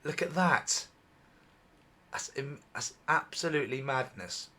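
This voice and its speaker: A middle-aged man hosting a UFO channel, giving excited, repetitive commentary over video footage, his voice going hoarse. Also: medium pitch, a little slow. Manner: excitable, repetitive, exclaims often.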